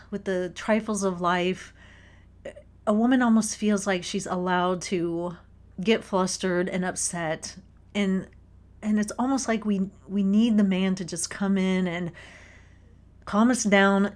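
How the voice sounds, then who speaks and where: Expressive woman talking about a book. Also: medium pitch. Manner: expressive, storytelling, laughs while talking. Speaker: podcast host reading a book. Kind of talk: casual spoken book commentary.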